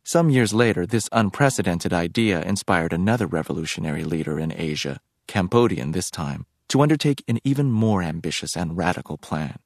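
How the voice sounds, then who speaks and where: Audiobook: deep-voiced man narrating in a measured, reflective way, dry close sound. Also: expressive, no echo.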